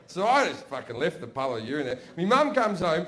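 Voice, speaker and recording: A man's voice: a little high, sing-song, fairly quick, few pauses, fairly bright tone. A man with an Australian accent telling crude, profane stories in a stand-up routine on a comedy stage. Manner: crude, profane, conversational storytelling. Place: comedy stage before a live audience. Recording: echoey live comedy venue.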